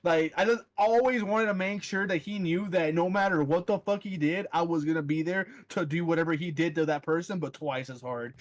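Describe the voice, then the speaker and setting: A man's voice: on the high side, brisk, few pauses. A young man in casual chat, telling rowdy stories with lots of swearing and acted-out quotes. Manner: animated storyteller, swears a lot, acts out quotes.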